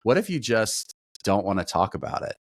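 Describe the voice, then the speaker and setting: A man's voice: fairly low pitch, very animated, normal speed, dry recording. A man in his forties hosting a podcast, chatty and self-deprecating, asking long rambling questions. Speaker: podcast host. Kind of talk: casual podcast interview.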